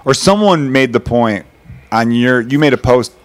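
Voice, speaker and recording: A man in his thirties hosting a casual podcast chat, telling animated, profane stories. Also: mid-range voice. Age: 30s. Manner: fast, profane, animated storytelling. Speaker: podcast host.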